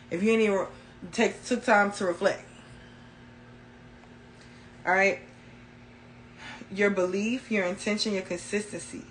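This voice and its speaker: A woman's voice: medium pitch, fairly bright tone, a little hiss or hum, poor audio. Emphatic woman giving a casual spiritual talk. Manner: emphatic, repeats key phrases for effect; casual colloquial speech, addresses viewers as y'all. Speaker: spiritual reader.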